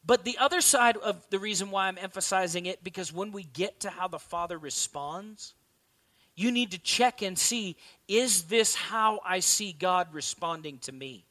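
A man's voice: sits high, normal speed, sharp tone. A man in his thirties giving a conversational sermon as a pastor, often asking his listeners questions. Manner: conversational, asks the audience questions.

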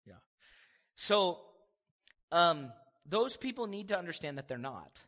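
Male pastor, lively chatty sermon delivery, bright tone, reverberant church hall. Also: a little high, takes it slowly. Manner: animated, conversational preaching with frequent chuckles.

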